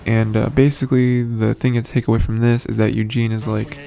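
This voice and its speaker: Gravelly man rambling through a recap. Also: lowish voice, flat delivery, fairly quick, mellow. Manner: rambling, frequent fillers and restarts; chuckles between points. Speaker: show commentator. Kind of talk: casual episode recap.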